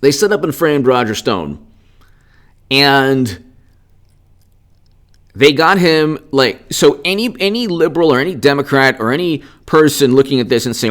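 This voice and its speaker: A man's voice: mid-range voice, expressive, unhurried, long pauses, fairly bright tone. Combative man ranting on politics. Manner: sarcastic. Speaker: political commentator. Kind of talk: unscripted political commentary.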